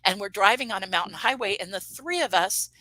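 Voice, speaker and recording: A fifties-aged woman interviewed as a guest narrates a personal story fairly quickly, her mid-range voice bright and forceful. She gives quoted dialogue animated life and keeps restarting sentences. Recorded close with no room sound, the audio is low quality.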